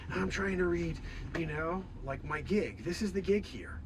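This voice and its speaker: A man hosting an improvised comedy stream, sounding a bit hoarse, swinging from mock-outraged shouting to low muttering. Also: animated, measured pace, background noise. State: hoarse, losing his voice.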